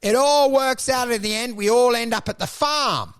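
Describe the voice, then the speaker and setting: A man, co-hosting a casual podcast chat, animated and swearing freely. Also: very high voice, normal speed, smooth. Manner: animated, swearing, swings into loud put-on voices. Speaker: podcast co-host.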